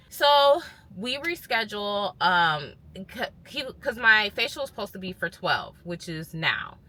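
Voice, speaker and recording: A woman vlogger telling a personal story in a casual, animated way and quoting what others said. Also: mid-range voice, unhurried. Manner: animated retelling, quotes others' words. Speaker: lifestyle vlogger.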